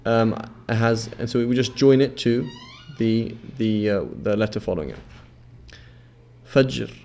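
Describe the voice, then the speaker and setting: A man with a gravelly, creaky edge to his voice walks through pronunciation like a patient teacher. He repeats each sound slowly, stretches it out, and keeps checking that the listener is following. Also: lowish voice, darkish tone, faint music behind. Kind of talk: instructional explanation with repeated model words.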